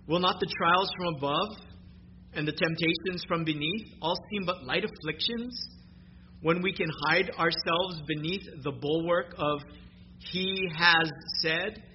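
A man's voice: fairly high pitch, unhurried. A man preaching a sermon as a pastor, emphatic and rising on key phrases. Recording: muffled recording with clear background noise.

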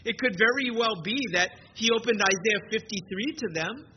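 A man with a high voice preaches an earnest sermon at a church service, leaning on key phrases with slow emphasis. The recording is dull and lo-fi with a clear hiss underneath. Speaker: pastor.

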